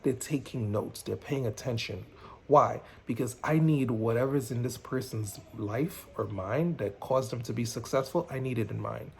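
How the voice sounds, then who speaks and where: A man's voice: mid-range voice, moderate pace, creaky, a little mellow, a little hiss or hum. A man teaching as a mentor, emphatic and preachy, repeating his key points. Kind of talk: motivational teaching.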